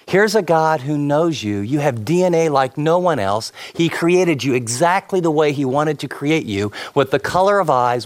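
A male pastor giving a sermon in a conversational style, often repeating short phrases. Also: fairly high pitch.

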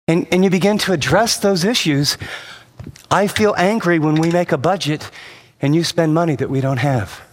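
A middle-aged man preaching a sermon, animated, acting out the people he quotes, moving between soft and emphatic delivery. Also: fairly high pitch. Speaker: pastor. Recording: long reverb of a hall.

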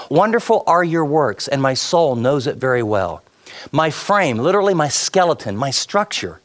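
A man preaching a sermon with an easy, conversational delivery. His voice sits in a middle pitch, and he stacks short repeated phrases as he leans into his points. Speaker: pastor.

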